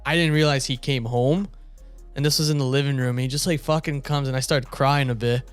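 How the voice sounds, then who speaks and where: A man's voice: mid-range voice, a little fast, faint music behind. A young man co-hosting a podcast, telling stories in a casual, swearing, laughing way. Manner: laughing, swearing, animated storyteller. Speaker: podcast co-host. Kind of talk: casual storytelling chat.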